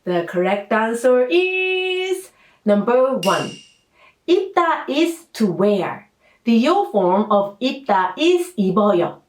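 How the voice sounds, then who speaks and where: Lady teacher explaining grammar, kinda high voice, patient and playful. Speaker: Korean language teacher. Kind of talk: scripted lesson narration. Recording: roomy echo.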